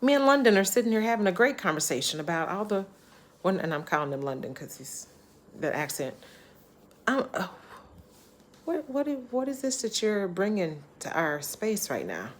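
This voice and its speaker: A woman vlogging casually, telling a story in a chatty, animated way and laughing often. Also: medium pitch, normal speed, slight background noise. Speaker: travel vlogger.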